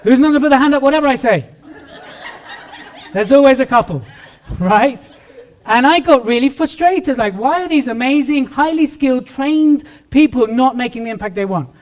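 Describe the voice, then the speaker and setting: A British man giving a lively motivational talk on stage to a live audience, joking with the crowd. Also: very high-pitched, moderate pace. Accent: British English. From Britain. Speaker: keynote speaker.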